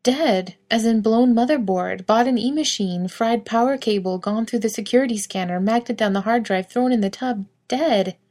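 A woman's voice: medium pitch, brisk, hardly any pauses, darkish tone, voice pushed up, close to an everyday voice. A woman reading the part of an anxious young man whose voice cracks as he chokes up. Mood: distraught.

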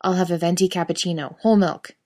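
A woman voicing a rude, demanding middle-aged male customer who snaps gruffly. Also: lowish voice, steady tone, quick pace, darkish tone, close to an everyday voice. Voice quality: gruff, snapping.

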